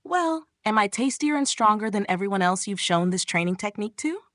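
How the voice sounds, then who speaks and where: A woman's voice: mid-range voice, lively intonation, fairly quick, a bit bright, no echo, lightly acted. Flustered snappy young sister voiced by a woman, shy and bratty, comic recap, dry sound. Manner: nervous, snappy.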